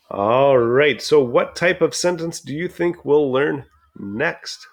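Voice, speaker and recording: Slow, gravelly male teacher. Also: a little high, lively intonation. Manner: slow, patient explaining with frequent pauses. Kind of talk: recorded grammar lesson.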